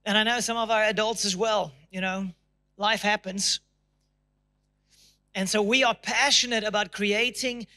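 In a church auditorium, a pastor with a high-pitched, sharp voice preaches emphatically to his congregation. He acts out people's prayers in a raised, pleading voice.

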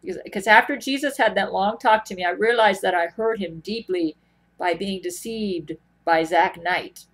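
A woman's voice: medium pitch, moderate pace. A woman in a personal vlog monologue, talking earnestly and meandering, often restarting her sentences. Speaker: vlogger. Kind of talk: rambling personal monologue to camera.

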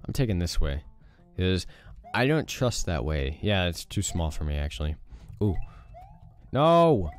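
Expressive young man, gaming commentary. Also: low voice, normal speed, soft background music. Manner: reactive, exclaims and groans at the game, swears. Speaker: gaming YouTuber. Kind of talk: casual let's play commentary.

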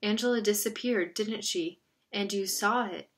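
A woman's voice: mid-range voice, moderate pace, a bit bright, natural voice. A woman reading a bossy teenage girl.

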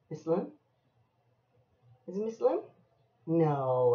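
A woman reading a picture book aloud to a young child, slow and sing-song, with coaxing questions. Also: medium pitch, huge pitch swings, roomy sound. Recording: dull lo-fi home recording.

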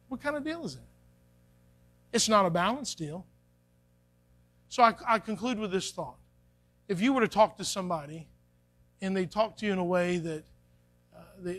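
A pastor with a high, somewhat bright voice preaches to his congregation in the church sanctuary, folksy and conversational, acting out little quotes. It's a church live stream with faint music behind.

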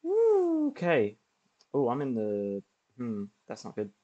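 A man streams a game from his desk microphone, talking slowly and easily. His commentary is casual and chatty, with frequent laughter between lines. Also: fairly low pitch, highs cut off. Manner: relaxed, chatty, laughs often.

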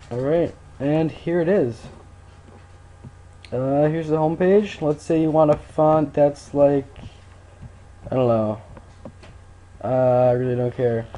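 A relaxed man walks through a screen-recorded computer tutorial in a loose, rambling way. His voice sits a little high with a mellow, soft tone. A faint hiss runs under the recording. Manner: laid-back, rambling with fillers. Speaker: tutorial maker.

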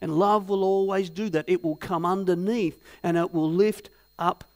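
A man's voice: sits high, moderate pace. A man preaching a sermon as pastor in a church, asking the congregation many rhetorical questions and telling stories with animation. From Australia. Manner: animated storytelling.

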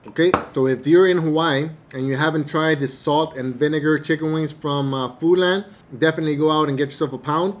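A man doing a casual eating review to camera, relaxed and hesitant, with many fillers and chewing pauses, a little away from the mic. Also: a little high, slight background noise. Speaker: mukbang vlogger. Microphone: camera mic at table distance.

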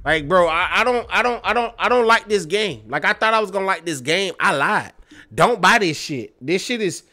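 This young streamer plays a fighting game while cursing, mocking opponents and venting to his chat, sometimes erupting loudly. His high voice has lively intonation and a moderate pace.

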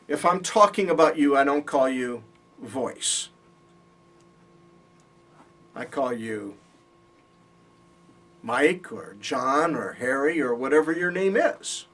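A man's voice: a little high, a bit bright. A man teaching a Bible college class, explaining patiently and checking in with his students, recorded in a classroom from a distance. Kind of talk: classroom lecture. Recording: voice from far off.

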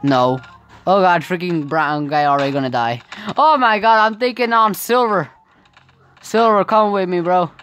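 A woman's voice: lowish voice, normal speed, fairly bright tone, soft background music. A woman giving casual gameplay commentary, often exclaiming in frustration and laughing at the game. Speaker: gaming video creator.

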